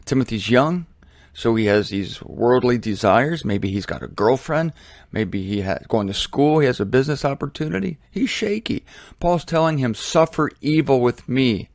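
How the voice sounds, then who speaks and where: A man gives a casual Bible teaching with animated storytelling and mocking asides. His voice is mid-pitched and the recording is dry and close. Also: normal speed, gravelly, no echo. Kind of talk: casual sermon.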